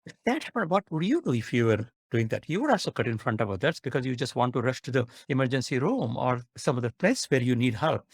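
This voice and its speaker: A man, a psychiatrist guest, explaining with worked examples in an earnest manner, pausing with "uh". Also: mid-range voice, husky, no room sound, clean studio sound. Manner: earnest and animated, with "uh" pauses.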